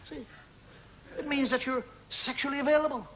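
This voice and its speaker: Speaking at a moderate pace with fairly even intonation, a very high-pitched male comedian gives a confiding monologue to a live studio audience. He adds conversational asides and acts out small scenes with mimed sounds, all on a noisy old TV recording with laughter from the crowd.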